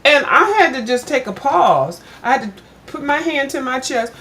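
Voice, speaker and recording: A woman's voice: high-pitched, moderate pace. Chatty older woman telling a story. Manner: chatty, addresses viewers as "girl", animated when retelling. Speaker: vlogger. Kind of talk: casual storytelling chat.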